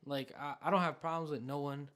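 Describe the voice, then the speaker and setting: A man with a high voice, speaking as a podcast guest in an easygoing, laid-back manner. He muses casually in a chat among friends. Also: fairly even intonation, a little fast, a bit bright.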